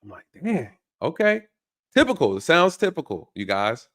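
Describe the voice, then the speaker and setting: Animated male ex-cop host. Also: lowish voice, brisk. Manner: animated, acts out voices, addresses viewers. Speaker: host, former police officer. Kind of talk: casual reaction storytelling.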